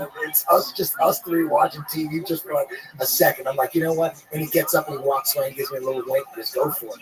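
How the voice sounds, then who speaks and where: A man's voice: fairly high pitch, low-quality recording. A man guest on a podcast, telling a rambling, profane story in a laid-back, casual way.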